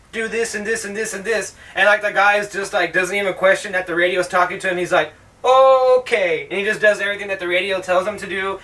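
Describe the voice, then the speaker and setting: A man's voice: sits high, bright, forceful tone, distant mic. Profane, sarcastic man reviewing a movie. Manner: profane, rambling, sarcastic, with mocking put-on voices. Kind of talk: casual rambling film review.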